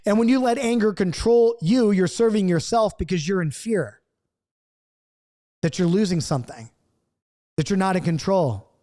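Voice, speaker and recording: Teaching a recorded Bible study lesson, a middle-aged man coaches earnestly and repeats himself to drive points home. His voice sits unusually high for a man yet has a dark tone, and he moves at a moderate pace with frequent pauses.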